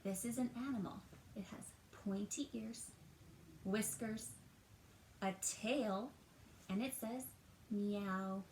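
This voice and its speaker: A female teacher, her voice on the higher side, reads a picture book to young children in a roomy space at home, drawing words out, asking questions and staying animated. The rough recording echoes and carries slight background noise.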